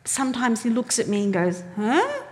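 A woman's voice: mid-range voice, measured pace. A woman preaching a sermon, telling stories animatedly and acting out the voices she quotes. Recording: long hall reverb.

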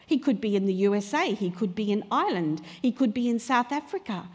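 A woman preaching a sermon, talking conversationally and then crying out loudly when she quotes prayers. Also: mid-range voice, animated, brisk, husky. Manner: conversational preaching, rising to loud cries when quoting prayers. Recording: long hall reverb.

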